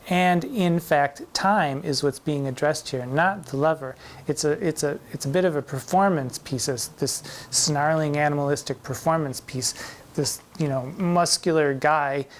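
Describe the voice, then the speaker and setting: A man performing in drag who hosts a playful, theatrical talk on a sonnet and recites the verse slowly and emphatically. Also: on the high side, a little hiss or hum. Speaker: drag performer hosting a poetry show. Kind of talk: campy poetry lecture with recitation.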